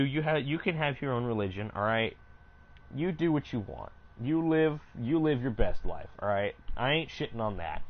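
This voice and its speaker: A man's voice: mid-range voice, dull audio. A young man telling a rambling, profane story casually while playing a game, often cutting himself off. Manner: rambling, profane, self-interrupting. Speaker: gaming streamer.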